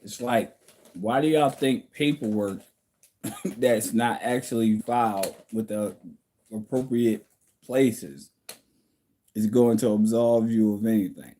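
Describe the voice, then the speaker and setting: A man's voice: fairly low pitch, slow pace, long pauses, mellow, slight background noise. A man hosting a casual livestream from home, reading viewer comments and answering them bluntly, like a lecture.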